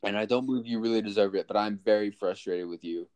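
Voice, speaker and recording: A young man co-hosting a podcast in casual chat, animated and jokey, venting and laughing. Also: lowish voice, quick pace. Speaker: podcast co-host.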